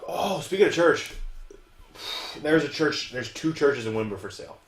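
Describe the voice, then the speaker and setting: A man's voice: a little high, animated, normal speed. Profane, storytelling man. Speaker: podcast co-host. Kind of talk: casual chat. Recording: roomy echoey room.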